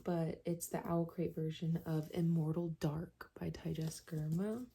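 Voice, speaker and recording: A young woman chatting casually in a book vlog, soft-spoken and dropping often into a whisper, with plenty of filler words. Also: deep voice, level tone, unhurried, creaky, husky, low-quality recording. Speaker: book vlogger. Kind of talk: casual reading vlog chat.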